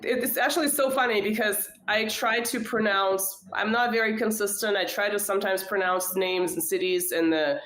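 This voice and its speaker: A woman's voice: medium pitch, moderate pace, few pauses, fairly bright tone, reverberant, rough recording. A woman guest on a podcast, talking through a story in a thoughtful, hedging way with many fillers. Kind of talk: casual conversation.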